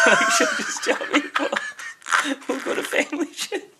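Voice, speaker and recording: A man co-hosting a comedy podcast, riffing quickly and mimicking relatives' voices. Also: high-pitched, huge pitch swings, very noisy. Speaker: podcast co-host.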